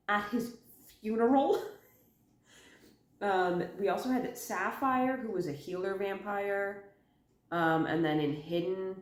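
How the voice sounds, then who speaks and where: A woman chatting quickly about books in a casual video essay, sick and talking around a cough drop, rattling off long lists with ums. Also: fairly low pitch. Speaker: book commentary vlogger. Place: indoor room at home. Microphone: camera in front of her. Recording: echoey room.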